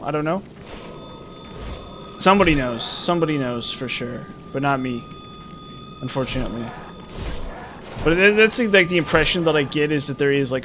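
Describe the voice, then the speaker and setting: A young man with a somewhat high voice talks his way through a game session, wandering from thought to thought and restarting his sentences. He muses aloud in an easy, unscripted way. Faint game sounds hum behind him. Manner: rambling, musing, many restarts and fillers. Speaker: gaming channel host. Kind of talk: casual gameplay commentary.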